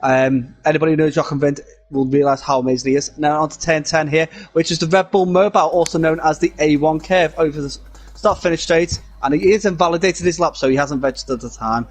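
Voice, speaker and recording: A man's voice: on the high side, steady tone, fast. A man co-commentating a live online racing league, giving trivia and correcting his partner.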